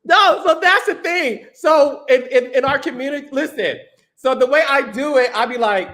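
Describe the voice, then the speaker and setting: A man hosting a podcast and telling a story in a casual, animated way, often repeating words. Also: very high voice, moderate pace. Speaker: podcast host. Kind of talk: casual chat.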